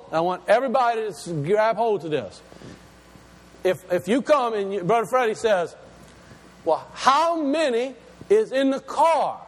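Man preaching, high voice that swoops around a lot, slows right down on key words, echo like a big hall. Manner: slows down to stress key words, asks the congregation questions. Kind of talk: sermon.

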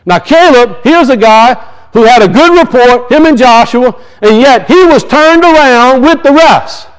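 A man's voice: very high voice, lively intonation, a little slow, clean tone, poor audio. A man preaching a sermon, emphatic and repetitive, his voice rising and falling as he drives points home.

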